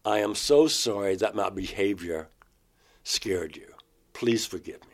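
A man recounting a personal experience in an interview, in a halting, emotional way. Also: fairly low pitch.

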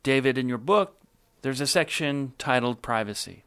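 A man interviewing a guest, asking calm, measured questions. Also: mid-range voice, clean tone.

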